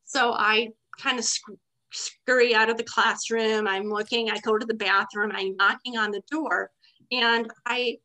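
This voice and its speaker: Bright, animated woman telling a story. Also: a little high, unhurried. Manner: animated, acts out her own past words. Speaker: teacher. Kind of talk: casual storytelling.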